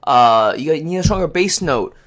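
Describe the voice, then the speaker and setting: A man's voice: a little high, animated, normal speed, a bit bright. A man co-hosting a podcast, telling a long anecdote in casual chat and acting out other people's lines. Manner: rambling anecdote teller, acts out others' lines. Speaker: podcast co-host.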